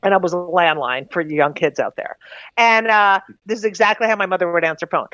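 Woman author on a podcast, swears a lot, animated storyteller, dry muffled sound. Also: fairly low pitch, a little fast, no room sound. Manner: profane, lively storyteller. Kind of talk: casual chat.

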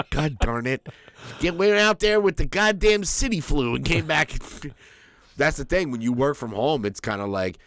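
On a crude, casual podcast, a male co-host with a fairly high, animated, fairly bright voice rambles through profane stories at a moderate pace, laughing often. He sounds a little stuffy from a cold, and the recording is dry and studio quality.

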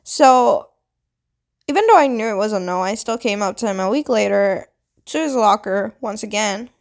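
A young adult woman vlogger telling a personal story in a casual, animated way, swearing often and full of "like" fillers. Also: medium pitch, normal speed. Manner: animated, dramatic retelling with quoted voices. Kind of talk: storytime monologue.

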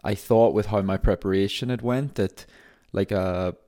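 Deep-voiced man rambling in a casual vlog. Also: moderate pace, dark tone. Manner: rambling, chatty, many fillers. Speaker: marathon runner. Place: apartment indoors.

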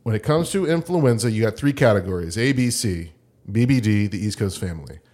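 A man's voice: lowish voice, animated, brisk, a little mellow. A man co-hosting a casual podcast chat, joking around and explaining flu facts loosely. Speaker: podcast co-host.

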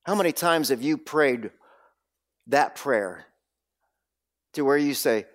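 A man preaching a sermon, telling the story with dramatic swings between loud bursts and hushed, low lines. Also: expressive, takes it slowly, long pauses. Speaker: pastor.

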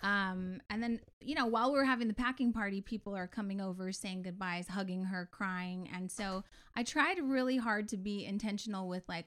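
Woman co-host, warm-hearted storyteller, medium voice, conversational. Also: medium pitch, moderate pace, few pauses, clear, resonant tone. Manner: heartfelt storytelling, chatty and emotional. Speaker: podcast co-host and parent. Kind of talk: casual chat.

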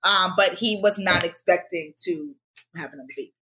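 A woman's voice: fairly low pitch, normal speed. A woman guest on a podcast, telling stories in a casual interview and acting out the voices of people she quotes. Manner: animated, acts out quoted voices in her stories. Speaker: podcast guest, intuitive life strategist.

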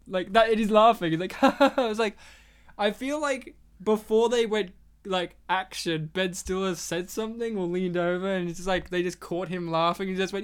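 A man hosting a casual movie commentary chat, animated and laughing often as he acts out scenes. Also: high voice, moderate pace, clean tone. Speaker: podcast host.

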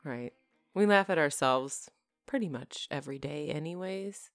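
A blunt, candid woman co-hosting a podcast in casual chat. Her voice is very low for a woman. The recording is dry and close, with no room echo. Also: moderate pace, faint music behind. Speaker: podcast co-host.

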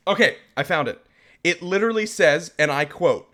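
A man co-hosting a casual podcast, ranting in an exasperated, animated way and laughing at himself. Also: a little high, moderate pace. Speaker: podcast co-host.

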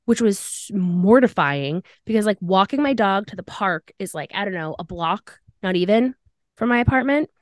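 A woman's voice: medium pitch, moderate pace, no echo, clean studio sound. A young woman hosting a podcast, casually telling a personal story and acting out the dialogue. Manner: animated, acts out dialogue in quotes. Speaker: podcast host.

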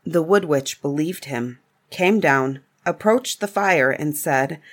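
A woman reading a fairy tale aloud in a calm, measured storybook narration. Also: low-pitched.

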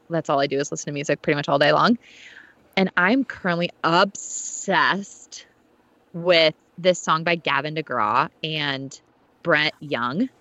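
A woman's voice: low-pitched, pushed and bright, dry recording, lo-fi sound. A woman in her thirties co-hosting a podcast, chatting in an enthusiastic, gushing way with frequent laughs. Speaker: podcast co-host. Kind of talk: casual chat.

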